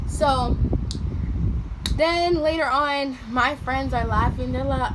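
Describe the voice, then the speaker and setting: Animated young woman vlogger. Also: moderate pace. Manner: animated, slangy, acts out quotes with sudden loud pitch jumps. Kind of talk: casual storytelling to camera. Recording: noticeable background noise.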